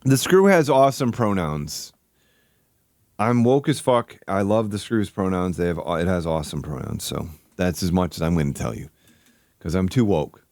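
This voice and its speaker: A man hosting a live stream, ranting with heavy swearing and swinging between loud outbursts and low mutters. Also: lively intonation, moderate pace, no echo. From Michigan. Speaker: livestream host. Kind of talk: casual stream commentary.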